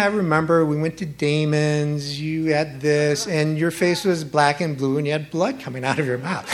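A man telling a personal story at a live storytelling event, animated and chuckling at his own asides. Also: a little high, slight background noise.

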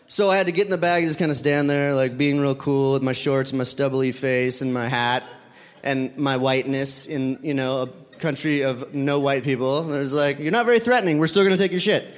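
A man telling a long casual anecdote in an animated, self-deprecating way, acting out bits of dialogue. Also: mid-range voice, normal speed, in a large hall. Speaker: storyteller.

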